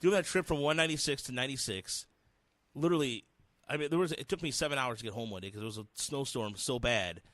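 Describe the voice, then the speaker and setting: A man co-hosts a sports radio show. He tells animated anecdotes in a bright voice. The studio sound is dry and close. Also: medium pitch, fast, no room sound. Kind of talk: casual studio chat.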